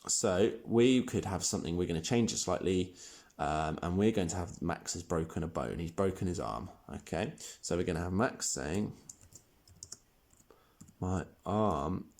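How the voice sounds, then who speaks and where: A man teaching a primary school writing lesson, explaining each step clearly while he types. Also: low-pitched, expressive, moderate pace, darkish tone. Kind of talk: recorded online lesson.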